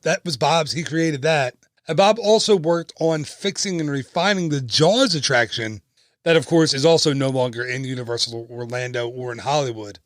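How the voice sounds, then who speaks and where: Recorded at studio quality with no room sound, an American podcast host and travel agent in his thirties speaks in a slightly high voice. His casual travel show is upbeat and chatty, peppered with jokes on the side.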